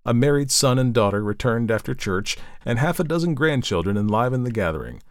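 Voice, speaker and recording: A man narrating a classic novel in a measured, even reading style. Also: medium pitch, no room sound, studio quality. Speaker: audiobook narrator.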